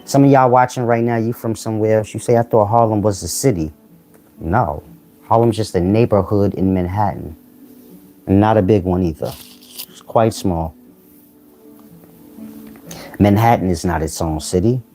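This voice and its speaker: Brief: man, low mellow voice, blunt slangy life lecture, faint music underneath. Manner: blunt streetwise slang, rhetorical questions to viewers. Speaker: channel host giving life advice. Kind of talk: casual philosophical monologue.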